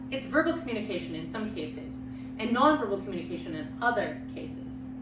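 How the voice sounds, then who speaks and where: A woman lecturing on public speaking with a loud voice and lively, expressive pitch. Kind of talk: recorded lecture. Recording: echoey room, mic far off, background hum.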